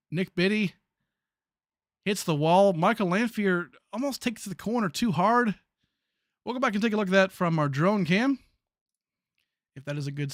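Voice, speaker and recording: High-voiced guy doing live play-by-play on a sim truck race, excitable, lots of fillers. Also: no room sound, studio quality. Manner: excitable, chatty, frequent fillers. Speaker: sim racing play-by-play commentator.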